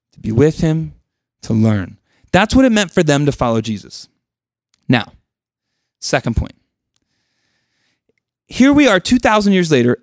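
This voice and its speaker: A man's voice: high voice, no room sound, clean studio sound. Man teaching a casual Bible study. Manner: conversational, joking asides, questions to the group.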